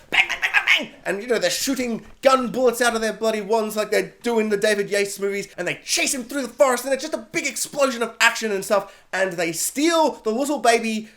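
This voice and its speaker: A male film reviewer with a notably high voice, ranting through a casual spoiler review. He is animated and sarcastic, swinging between playful jokes and mock outrage. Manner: animated, sarcastic, joking asides.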